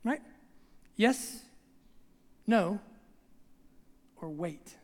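A preacher delivering a sermon in a relaxed, storytelling way, often checking in with the listeners. The recording comes from a church sanctuary and carries a long reverb tail. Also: mid-range voice, extremely slow. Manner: conversational, acts out scenes, repeats "right?".

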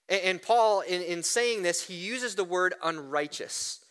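A man preaching a sermon, animated, often asking "right?" and restarting words. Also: high voice, moderate pace, few pauses, clean tone. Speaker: pastor.

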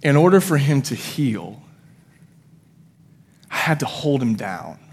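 A man's voice: medium pitch, sing-song, takes it slowly, a little mellow, husky. A man in his thirties, a pastor preaching a sermon in a church, telling a personal story in a conversational way with self-deprecating asides. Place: church sanctuary. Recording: long hall reverb.

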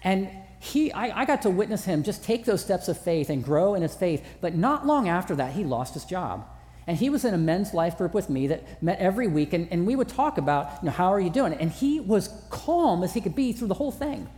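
Animated preacher in a reverberant hall. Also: male voice, high voice, a little fast. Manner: conversational, self-deprecating humor. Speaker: pastor. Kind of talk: sermon. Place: large church auditorium.

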